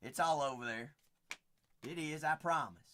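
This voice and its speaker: A man's voice: a little high, normal speed, a bit bright. A young man with a Southern Kentucky twang, hosting a live card-break stream with folksy, hyped sales banter.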